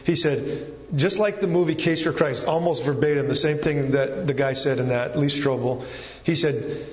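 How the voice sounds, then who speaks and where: A male pastor preaching a casual, conversational sermon, his voice a bit higher than most men's. He often stumbles and restarts his sentences. The sound is dull and lo-fi, with a long ringing echo from a church hall. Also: moderate pace. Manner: conversational, with frequent restarts and fillers.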